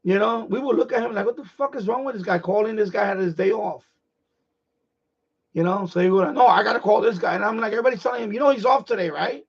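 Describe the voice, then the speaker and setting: A middle-aged man hosting a live stream, ranting in a blunt, profane, animated way in casual chat. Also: high voice, fast, vocal fry, slightly rough, muffled recording.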